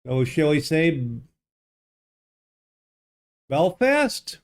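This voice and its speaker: Extremely slow and sing-song, a slightly high-voiced man live-streams a geography guessing game into a desk microphone, musing aloud and responding casually to his viewers' chat.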